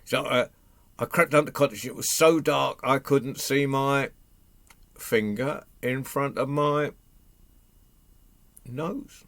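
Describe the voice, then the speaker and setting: A man's voice: medium pitch, steady tone, fairly bright tone, no room sound. A man voicing a confused robber chief who keeps losing track of his own tale. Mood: muddled. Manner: muddled, halting, rambling. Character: bruised, forgetful robber chief.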